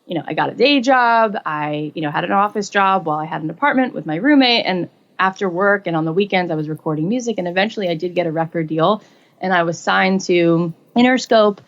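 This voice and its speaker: A woman in her forties telling her own story in a casual interview, acting out quotes with lively jumps in pitch. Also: brisk, muffled recording. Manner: animated, acts out quotes with rising pitch. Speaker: guest.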